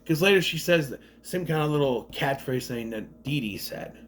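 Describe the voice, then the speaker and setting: A man casually retelling and reviewing a movie in a rambling, animated way with lots of fillers. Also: fairly high pitch, normal speed, a little hiss or hum. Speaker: video reviewer.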